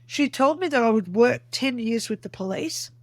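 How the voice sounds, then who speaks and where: A woman's voice: fairly high pitch, expressive, moderate pace, darkish tone, no room sound. A woman guest on an interview podcast, earnestly recounting a personal experience in vivid detail. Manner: earnest, vivid storytelling that acts out remembered dialogue.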